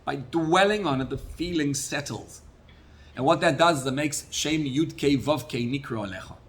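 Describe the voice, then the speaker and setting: A rabbi teaching with lively warmth. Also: male voice, a little high, normal speed. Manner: animated teaching with Hebrew and Yiddish terms. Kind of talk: Torah class sermon.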